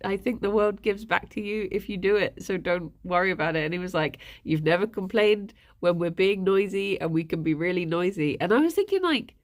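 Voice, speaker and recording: A woman's voice: mid-range voice, fairly quick, few pauses. A woman, livestreaming and chatting casually with viewers, rambling and laughing often.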